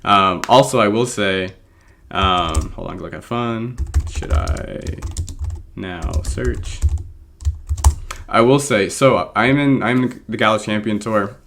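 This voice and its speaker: A man talks his way through a competitive match in a fairly low voice. He rambles loosely, with plenty of ums and little laughs at himself. The tone is casual, like a streamer chatting to his viewers. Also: slow, gravelly, fairly bright tone, slight background noise. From born in England, raised American. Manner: rambling, frequent ums, self-deprecating laughs. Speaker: draft league coach and video creator. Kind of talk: casual gameplay commentary.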